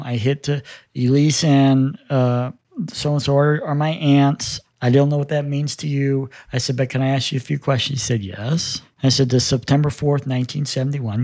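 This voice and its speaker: A man's voice: mid-range voice, a little mellow, no room sound. A man in his fifties telling his life story in a casual interview, earnest and quoting the dialogue as he goes. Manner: earnest, quotes dialogue as he tells it.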